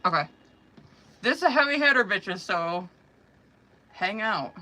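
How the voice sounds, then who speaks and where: A woman's voice: mid-range voice, expressive, a little slow, sharp tone. A woman giving a live-stream tarot reading, talking bluntly and animatedly with lots of swearing and slang. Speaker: tarot reader.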